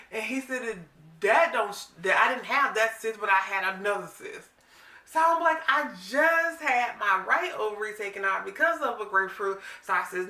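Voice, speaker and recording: Animated woman in her forties, echoey room. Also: mid-range voice, far from the mic. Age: 40s. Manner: animated, dramatic retelling with quoted voices. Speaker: vlogger. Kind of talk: casual storytelling vlog.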